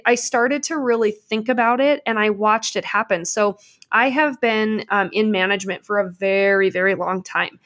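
A woman in casual conversation, telling stories in an energetic, passionate, self-mocking way. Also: mid-range voice.

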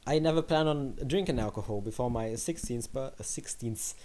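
A man's voice: mid-range voice, normal speed, warm tone. A teenage boy with a British accent, co-hosting a casual podcast and joking with a lot of swearing. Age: teens. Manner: swears often, joking banter. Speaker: podcast co-host. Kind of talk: casual chat.

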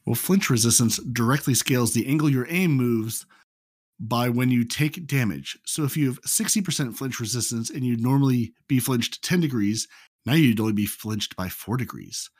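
A man's voice: medium pitch, animated, moderate pace, husky, no room sound, studio quality. A man with a General American accent, explaining game numbers in a matter-of-fact way on a casual podcast. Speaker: podcast co-host reading game patch notes.

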